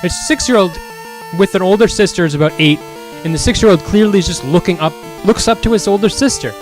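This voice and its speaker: A man's voice: high-pitched, quick pace, faint music behind. A man streaming and chatting casually, reading out chat comments and rambling through his thoughts with frequent restarts. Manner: rambling and self-questioning, with many restarts; grows louder and more heated later on.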